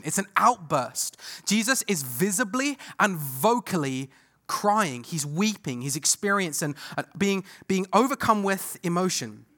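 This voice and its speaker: A man preaching a sermon, earnest, moving between loud emphasis and hushed, tender passages. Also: fairly high pitch. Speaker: pastor.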